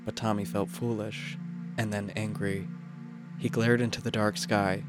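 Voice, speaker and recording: A man narrating a literary short story in a measured, quiet, even manner. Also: fairly low pitch, music in the background.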